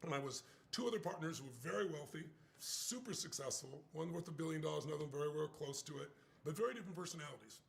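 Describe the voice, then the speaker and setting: An older man telling a story in an emphatic, animated way. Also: a little high, rapid-fire, vocal fry. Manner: emphatic, acts out quoted voices.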